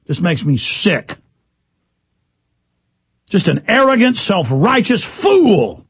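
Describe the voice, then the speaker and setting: Husky, high-pitched ranting radio host man. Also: big pitch swings. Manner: angry, shouting, fast-talking tirade. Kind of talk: talk radio rant.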